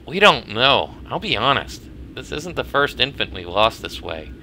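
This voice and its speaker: A man voicing a doctor who speaks softly and apologetically in a game's story. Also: medium pitch, very animated, slight background noise. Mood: somber. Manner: soft, apologetic and measured. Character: somber male doctor breaking bad news.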